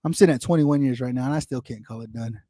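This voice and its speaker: A man's voice: mid-range voice, quick pace, mellow, no room sound, clean studio sound. A man, rambling and repeating himself as he chats casually with livestream viewers and greets them by name. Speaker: livestream host. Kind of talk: casual livestream chat reading viewer comments. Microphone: desktop microphone.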